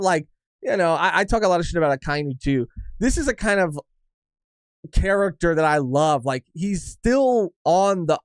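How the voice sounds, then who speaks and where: A podcast co-host chats casually and animatedly reviewing a manga chapter, swearing freely and often restarting his sentences. His voice is fairly high-pitched, and the studio-quality recording has no room sound.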